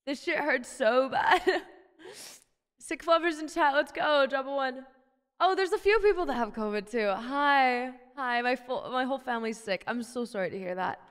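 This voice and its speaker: A woman's voice: sits high, moderate pace, smooth, in a large hall. A woman streaming while sick with covid, chatting casually with a crude, teasing, playful manner. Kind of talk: casual live-stream chat.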